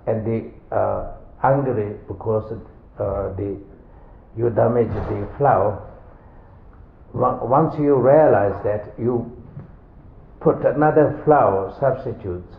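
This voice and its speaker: Slow halting man giving a dharma talk. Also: on the low side. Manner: slow, halting, simple phrasing. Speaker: Buddhist teacher. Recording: echoey, phone-like sound.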